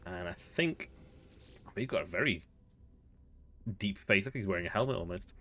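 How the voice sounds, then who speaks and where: A chatty man with a lowish voice talks through his game as he plays. He thinks aloud in a relaxed, amused way. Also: normal speed. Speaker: gaming video host. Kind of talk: relaxed gameplay commentary.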